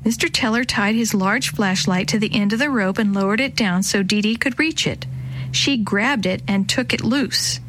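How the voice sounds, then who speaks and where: A woman narrating a children's storybook, lifting her voice higher for the young characters' lines. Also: moderate pace, a bit bright, a little hiss or hum. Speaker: storybook reader.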